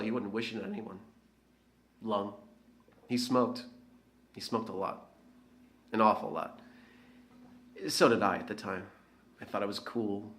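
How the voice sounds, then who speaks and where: A man's voice: fairly low pitch, fairly bright tone. An actor playing a reflective, hesitant young American man in an audio drama monologue. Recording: roomy echo.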